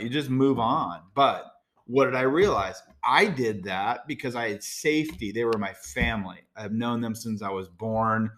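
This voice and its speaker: A man's voice: medium pitch, normal speed, fairly bright tone. A middle-aged American man hosting a solo podcast, talking in a conversational, direct way with frequent fillers and asides. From United States. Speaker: podcast host. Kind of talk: casual solo podcast talk.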